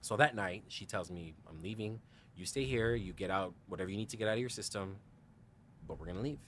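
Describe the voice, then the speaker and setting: A man's voice: fairly low pitch, brisk, a bit bright, a little hiss or hum. A man, a podcast guest, telling a candid personal story with lots of "like" and "you know", acting out the lines of the people in it and laughing often. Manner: quotes others in dialogue, frequent "like" and "you know".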